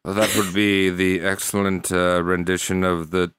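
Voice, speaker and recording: A man's voice: deep voice, little pitch movement, moderate pace, a bit bright, clear, resonant tone, dry recording. A man joking around on a casual podcast with friends, laid-back and goofy. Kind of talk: casual chat.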